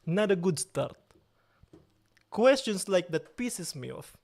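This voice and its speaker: Slow-talking playful man streaming live. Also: high-pitched, big pitch swings, creaky, a little mellow. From Italy. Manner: playful mock outrage, slow drawn-out delivery. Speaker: livestream host. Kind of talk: casual live-stream chat.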